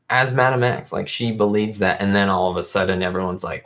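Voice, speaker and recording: Male host, lowish pitch, loose, chatty fan talk for a live stream. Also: little pitch movement, fairly quick, hardly any pauses, a bit bright. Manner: rambling, fan-like, lots of fillers. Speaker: YouTube host. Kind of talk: casual livestream chat.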